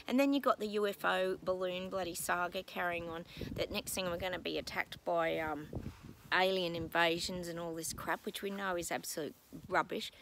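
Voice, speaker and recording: A woman's voice: lowish voice, vocal fry, a little hiss or hum, low-quality recording. A woman psychic talking in a casual vlog from home, rambling and exasperated, breaking off with apologetic asides. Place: at home with her dogs.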